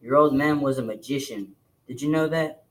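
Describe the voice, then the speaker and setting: A man's voice: mid-range voice, moderate pace, lightly acted, poor audio. A man reading aloud, voicing a brash, crude adult woman who taunts and mocks. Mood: taunting.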